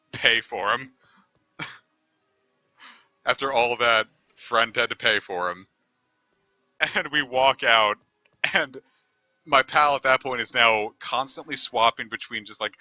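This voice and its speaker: A man's voice: mid-range voice, slow, long pauses, pushed and bright, dry recording, muffled recording. A man streaming a game, telling a long story in a rambling, easygoing way and swearing casually. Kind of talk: casual storytelling over gameplay.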